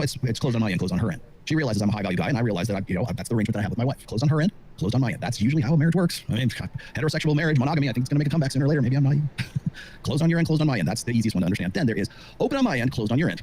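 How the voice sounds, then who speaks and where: A middle-aged man who lectures with rapid confidence, full of fillers, as a dating commentator on a podcast. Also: medium pitch, darkish tone, slight background noise. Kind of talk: monologue on a podcast.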